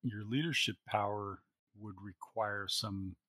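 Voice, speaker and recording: A man's voice: fairly low pitch, unhurried, pushed and bright, no room sound. A man running a tabletop role-playing game as game master, narrating the action and working through the rules as he goes. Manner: narrates action and rules, with many fillers and restarts.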